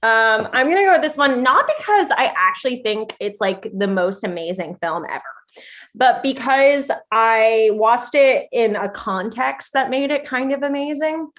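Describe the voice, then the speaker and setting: Woman, podcast co-host, somewhat high voice, lively casual talk. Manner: animated, laughing, fast asides. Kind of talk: casual chat.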